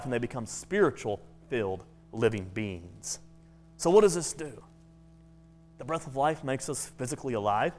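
A man preaching a sermon in a conversational way, often restarting his words. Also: mid-range voice.

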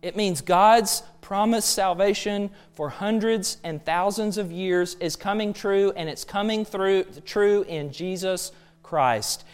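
High, smooth-voiced male preacher. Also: slow, hardly any pauses. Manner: emphatic, asks rhetorical questions. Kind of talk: sermon.

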